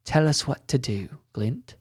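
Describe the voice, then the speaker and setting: A man voicing a steady, practical female elf mayor who speaks firmly and plainly in a storybook reading. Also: medium pitch, unhurried, husky, dry recording, studio quality.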